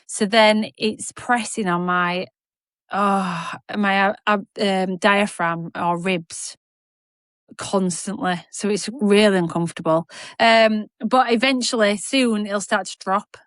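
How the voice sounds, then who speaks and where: A talkative woman, rambling through her week with a self-mocking humour and quick laughs. Her voice sits at an ordinary pitch, recorded close and dry with no room sound. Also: steady tone, no room sound. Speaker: podcast co-host. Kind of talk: casual chat.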